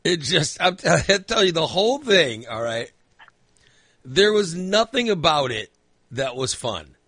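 Man, bright dry voice, rambling casual storyteller who swears a lot. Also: a little high, big pitch swings, unhurried, no room sound. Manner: rambling storyteller, filler-heavy, swears freely. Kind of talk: casual chat.

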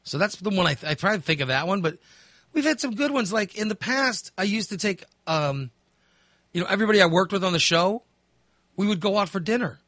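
A man's voice: sits high, animated, brisk, a bit bright, no echo. A man in his fifties, hosting and telling a candid, rambling story in casual chat. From Texas. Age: 50s. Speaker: host.

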